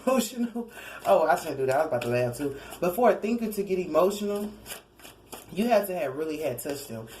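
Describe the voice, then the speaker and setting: A woman's voice: a bass voice, darkish tone, a little hiss or hum, low-quality recording. A woman giving a casual tarot reading, rambling and correcting herself as she goes, with little chuckling asides. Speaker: tarot card reader.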